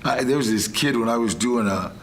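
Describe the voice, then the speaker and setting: A man's voice: mid-range voice, fairly quick, slight background noise. An older man, a guest on a talk show, telling rambling stories in a casual way and acting out other people's lines. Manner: rambling, animated, acts out quotes. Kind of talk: casual storytelling.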